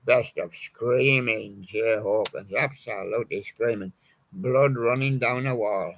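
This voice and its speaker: A man's voice: lowish voice, measured pace, fairly bright tone, a little hiss or hum. A man hosting a live music show, chatting in a rambling way and reading out song titles from his records. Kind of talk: live-stream chat presenting records.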